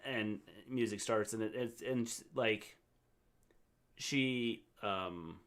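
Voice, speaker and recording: An older man co-hosting a casual livestream recap, talking in a relaxed, halting way with repeated words. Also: lowish voice. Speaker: co-host, the host's father.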